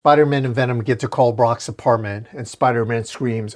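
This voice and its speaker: Guy recapping a comic, mid pitched voice, wry little asides. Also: steady tone, fairly quick, hardly any pauses. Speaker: comic book reviewer. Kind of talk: comic recap narration with commentary.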